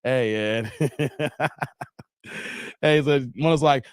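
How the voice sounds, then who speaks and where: A man in his forties hosting a casual livestream, animated and joking, calling out viewers by name and playing with his voice. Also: on the high side, moderate pace, long pauses, no echo, clean studio sound. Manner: animated, joking, calls out chat names, playful voice changes. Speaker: livestream host. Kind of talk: casual live-stream chat.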